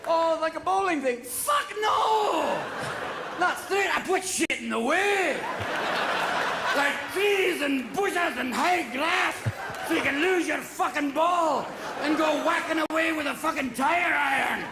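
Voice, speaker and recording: A man voicing a foul-mouthed male Scot inventing golf, in a put-on Scottish accent, yelling and cackling through a stand-up comedy bit. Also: very high voice, slow pace, full character voice. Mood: ranting. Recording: roomy live show with loud crowd and noise.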